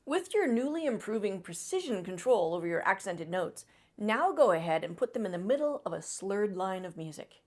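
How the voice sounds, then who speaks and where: A woman's voice: mid-range voice, sing-song, moderate pace. A woman teaching trumpet in an instructional video, coaching encouragingly with breath cues and demonstrations.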